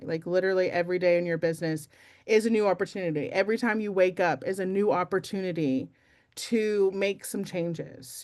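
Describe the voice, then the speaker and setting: A woman's voice: medium pitch, darkish tone. A young adult woman giving a casual, chatty motivational talk to her team, self-deprecating and full of fillers. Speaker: team meeting speaker.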